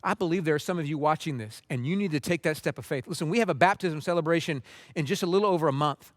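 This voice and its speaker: A man preaching a sermon as a pastor, urgent and heartfelt, dropping to soft pleading as he appeals to his listeners. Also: on the high side, quick pace, no room sound, studio quality.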